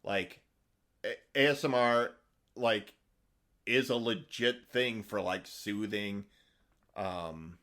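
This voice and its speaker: Middle-aged podcast host guy, lowish voice, rambles and restarts a lot. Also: takes it slowly, long pauses, fairly bright tone. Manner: rambling, many fillers and restarts. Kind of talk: casual chat.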